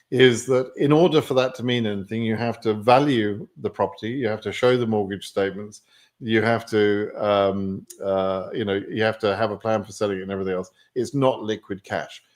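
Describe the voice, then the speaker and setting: A man's voice: on the low side, moderate pace. A man with an English accent answering viewer questions on a live stream, in a chatty way with many fillers. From England.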